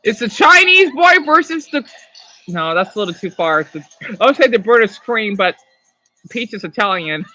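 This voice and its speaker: A woman giving casual, rambling commentary while playing a video game, talking excitedly to her viewers. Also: a little high, moderate pace, faint music behind. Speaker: gameplay commentator.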